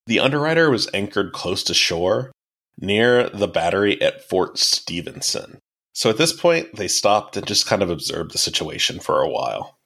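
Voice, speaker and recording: A man's voice: on the low side, a bit bright. A man hosting a podcast, telling a history story in a casual, explanatory way with dry asides. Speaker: podcast host.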